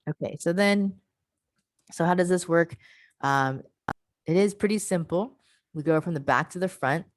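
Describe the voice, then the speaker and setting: A woman's voice: on the low side, normal speed, dry recording, studio quality. A woman presenting an online teacher workshop over a video call, patient and repeating her key points.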